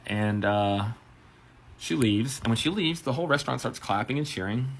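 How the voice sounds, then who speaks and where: A man's voice: medium pitch, normal speed, noisy background. A man, a bartender and manager, telling a profane story-time anecdote and acting out the quotes. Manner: profane, animated retelling with acted quotes.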